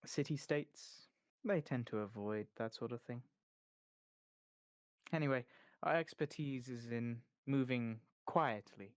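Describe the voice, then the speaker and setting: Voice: mid-range voice, takes it slowly, no echo, clean studio sound, lightly acted. A game master voicing a guarded woman guild boss. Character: cool, guarded woman who heads a smuggling guild. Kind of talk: tabletop role-play.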